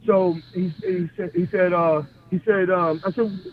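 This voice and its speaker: Here the same kind of interview guest, a middle-aged ex-pro wrestler, speaks with a high voice at a slightly slow pace. His animated storytelling stumbles over restarts and repeated words, he acts out quotes, and the phone-like line carries a faint hiss.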